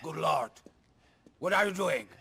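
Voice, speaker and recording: An actor playing a volatile crime boss who bursts into furious shouting in a video game. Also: male voice, on the high side, animated, unhurried, vocal fry, breathy edge, heavily acted.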